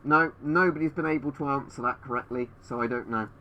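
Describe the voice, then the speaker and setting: A man's voice: medium pitch, brisk, pushed and bright. A man streaming from home over a webcam, answering viewers in a rambling way, his voice muffled through a gas mask. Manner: rambling, thinking aloud with fillers.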